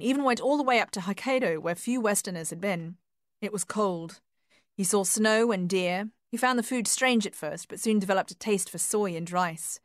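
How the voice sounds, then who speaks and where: A woman narrating a novel in a measured, gentle reading voice. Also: mid-range voice, no room sound, studio quality. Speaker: audiobook narrator. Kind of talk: storybook reading.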